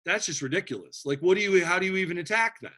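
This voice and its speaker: An animated male teacher lectures on history in a casual classroom style, joking and restarting his sentences often. His voice is high for a man and bright. He keeps the class engaged with quick asides.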